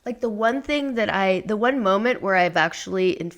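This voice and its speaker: A woman's voice: medium pitch, animated, normal speed. A middle-aged woman talking candidly as a podcast guest, rambling with lots of fillers and restarts. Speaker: podcast guest, memoir author. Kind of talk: conversational interview.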